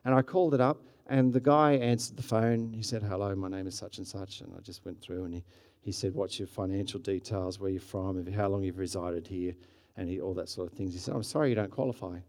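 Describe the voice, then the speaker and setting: A man's voice: low-pitched, fairly quick, darkish tone. A middle-aged man with an Australian accent, preaching a sermon in a conversational, storytelling way that rises in energy at times. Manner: conversational, with frequent restarts and rising bursts of energy. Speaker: pastor.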